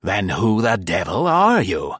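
A man voicing a heavy-set, gruff and suspicious stranger in an audiobook, talking wryly. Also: on the low side, wildly swooping pitch, a little slow, a bit bright, dry recording, clean studio sound, exaggerated voice. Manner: gruff, wry, chuckling.

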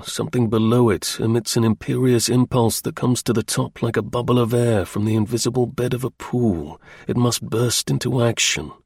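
Male audiobook narrator, husky and gravelly, measured literary delivery. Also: medium pitch, darkish tone, dry recording, clean studio sound. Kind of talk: scripted narration.

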